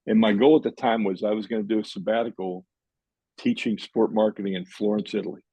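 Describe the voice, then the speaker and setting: A man's voice: lowish voice, fairly even intonation, fast talker, warm tone, husky, no echo, low-quality recording. An older man, a professor guest on a podcast, telling a long story and acting out the dialogue in it.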